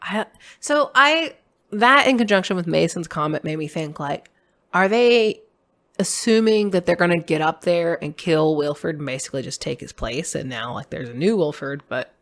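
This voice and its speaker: Frank, chatty woman with a lowish voice. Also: animated. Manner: chatty and frank, quick reactions, casual swearing. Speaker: podcast co-host. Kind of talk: casual film discussion.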